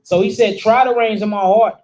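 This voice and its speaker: A high-pitched man preaching with rising force, firing questions at the room. He talks in a casual, everyday dialect as he breaks down scripture line by line. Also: fairly even intonation, a little fast, darkish tone, soft background music, low-quality recording. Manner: calls out questions and answers to the room; informal dialect speech. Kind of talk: sermon teaching.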